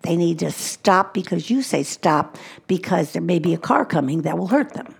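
Woman speaker teaching moms, lots of vocal fry, repeats stuff for emphasis. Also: lowish voice, animated, normal speed. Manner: earnest, repeats key points for emphasis. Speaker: conference speaker on Christian parenting. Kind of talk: teaching talk to mothers.

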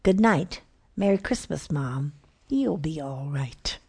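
A jolly, wise old Santa in a storybook rhyme, chuckling and knowing, rather than booming, as a woman reader plays him. The voice is gravelly and unhurried, drawn out slowly. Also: lively intonation, a little mellow, full character voice. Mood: gentle. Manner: jovial, knowing.

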